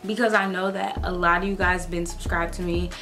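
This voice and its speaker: A woman in her twenties, a YouTuber talking in a gushing, excitable casual vlog, full of "like"s. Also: lowish voice, a little fast, soft background music. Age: 20s.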